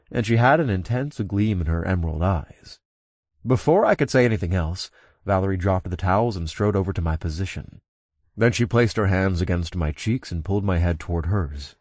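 A young man reads a first-person audiobook in a somewhat low voice. His delivery is easygoing and lightly amused. The recording is dry and close, with no room sound. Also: darkish tone, no echo. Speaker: audiobook narrator. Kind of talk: first-person scripted narration.

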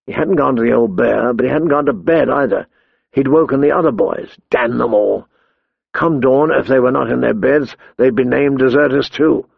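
A man narrating an audiobook in a steady, measured way. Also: medium pitch, gravelly, slightly rough, no echo, phone-quality sound. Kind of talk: scripted narration.

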